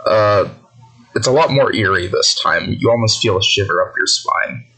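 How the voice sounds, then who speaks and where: A man narrating a tabletop game as game master, building an eerie scene slowly and deliberately. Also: on the low side, pushed and bright, slightly rough, poor audio. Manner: slow, deliberate, atmospheric narration.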